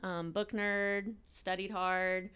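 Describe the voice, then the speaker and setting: A woman's voice: medium pitch, flat delivery, slow pace, fairly bright tone, clean tone. A woman in her twenties, chatting as a podcast guest at her home in a giggly, self-deprecating way. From Brunswick, Georgia, US. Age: 20s. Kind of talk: casual interview chat.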